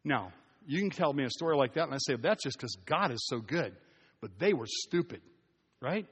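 A man's voice: medium pitch, lively intonation, normal speed, a bit bright, slightly rough. A middle-aged man preaching a sermon as pastor in a church, with a conversational, storytelling manner. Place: church hall. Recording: reverberant church hall.

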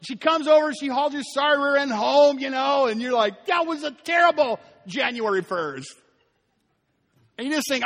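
Man, pastor, preaching a sermon, high voice, animated storytelling, long church reverb. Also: normal speed. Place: church sanctuary.

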